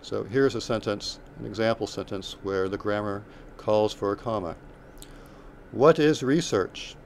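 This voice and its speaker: A fairly low-voiced man gives a recorded writing lesson and walks carefully through each example. He talks methodically, pausing on fillers and correcting himself as he goes. Faint traffic hums in the background. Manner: methodical, explains step by step with fillers and self-corrections. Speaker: writing instructor.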